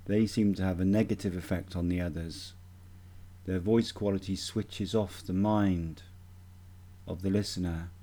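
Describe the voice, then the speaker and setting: A man giving a measured, deliberate instructional talk as a voice coach. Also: sits low, fairly even intonation, mellow.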